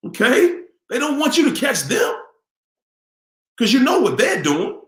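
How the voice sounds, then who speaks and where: A man's voice: very high voice, huge pitch swings, measured pace, long pauses, fairly bright tone, echoey room. A man hosting a live question-and-answer stream, talking casually and animatedly to viewers, repeating himself and asking the audience questions in a preachy way.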